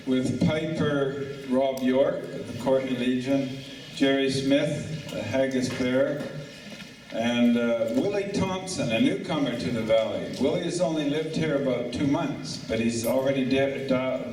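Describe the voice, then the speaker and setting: A man's voice: mid-range voice, a little slow, a little mellow, a little hiss or hum. An older man emceeing a lunch event, rambling and stumbling, then correcting himself. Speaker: master of ceremonies. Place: banquet hall at a lunch event. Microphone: far room recording. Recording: echoey hall from far off.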